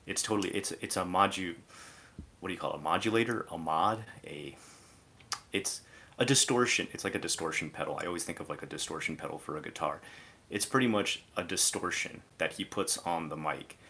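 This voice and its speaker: A man's voice: sits low, brisk, sharp tone. A man streaming live, giving a casual, exasperated commentary rant that is full of "like" fillers.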